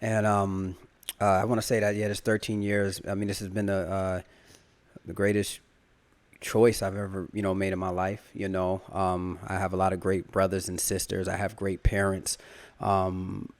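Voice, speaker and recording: A man in his thirties co-hosts a casual podcast chat, his low voice soft and halting, full of fillers and restarts. The sound is dry and close, with no room around it. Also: monotone, dry recording. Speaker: podcast co-host.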